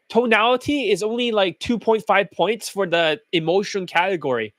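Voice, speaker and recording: A man with a high voice rants bluntly, mocking and swearing as he goes. The sound is dry and close, with no room around it. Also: moderate pace, hardly any pauses, a bit bright, no echo. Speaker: dating coach host. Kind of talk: profane reaction rant.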